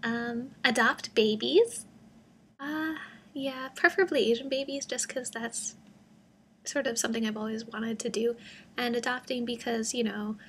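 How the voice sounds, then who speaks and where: A woman's voice: a little high, fairly even intonation, moderate pace, a little hiss or hum. Chatty young woman vlogging, rambling. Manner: rambling, self-deprecating, many fillers. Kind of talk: casual vlog monologue.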